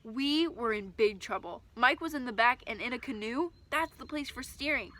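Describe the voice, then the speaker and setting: A woman reading a first-person children's story aloud, with expressive, lively storytelling. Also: fairly high pitch, normal speed, no echo.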